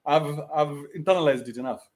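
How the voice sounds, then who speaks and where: A man's voice: fairly high pitch, fairly quick, darkish tone. A man with a Kenyan accent hosting a livestream, reading out donations and ranting bluntly with plenty of profanity.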